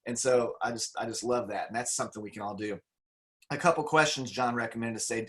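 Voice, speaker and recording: A man's voice: medium pitch, fast talker, a bit bright. A man leading a motivational talk on a video call. He speaks in a conversational, enthusiastic way and acts out the quotes he tells.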